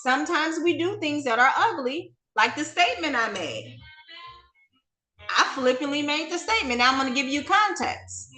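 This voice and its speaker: A woman hosts a talk show and tells a story with animated emphasis. Her voice is high and bright. The room is echoey, and faint music plays underneath. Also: moderate pace. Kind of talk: storytelling to an audience.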